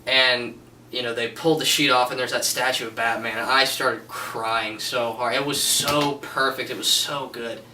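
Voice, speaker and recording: A man's voice: medium pitch, fairly even intonation, moderate pace, sharp tone, reverberant, distant mic, a little hiss or hum, poor audio. A man giving a casual spoken film review, gushing and rambling with many restarts and fillers. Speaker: movie reviewer.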